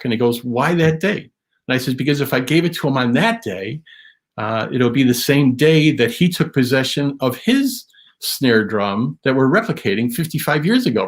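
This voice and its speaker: Guest man, gravelly voice, casual storyteller who rambles, restarts and gets animated. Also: mid-range voice. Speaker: guest drum historian.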